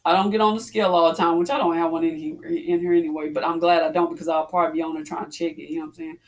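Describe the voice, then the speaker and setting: A woman's voice: deep voice, steady tone, very fast. A woman in her forties chatting casually to her viewers while she works out, a little out of breath, calling them "y'all". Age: 40s. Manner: chatty, addresses viewers as y'all, breathy exclamations between exercises. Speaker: fitness vlogger. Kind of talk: casual chat while working out.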